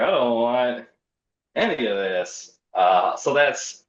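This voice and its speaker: Speaking slowly and expressively at a medium pitch, this young man shares a personal anecdote in a laid-back, self-mocking way, voicing the people he quotes. He appears as a storytelling guest on a podcast whose sound is roomy and a bit dull.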